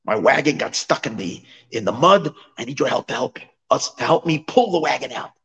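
A man voicing a rough, middle-aged male peasant who urgently pleads for help with his stuck wagon, in a sermon story. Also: medium pitch, lively intonation, fairly quick, fairly bright tone, highs cut off. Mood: pleading.

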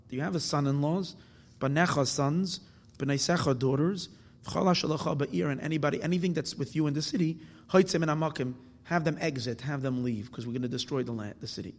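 A man teaches a Torah lesson in a husky, somewhat breathy voice. He poses questions and answers them himself, mixing Hebrew terms into his English. The sound carries a long reverb tail, as if recorded in a large hall. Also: on the high side. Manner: explanatory, asks and answers his own questions; mixes Hebrew terms into English, with restarts and fillers. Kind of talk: Torah class explaining verses.

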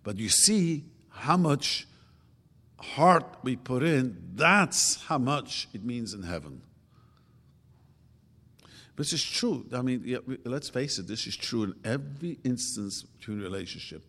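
A man's voice: expressive, a little slow, fairly bright tone. Older man giving a religious talk in a reverberant hall. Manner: conversational, acts out quoted speech with sudden pitch jumps. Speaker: religious teacher.

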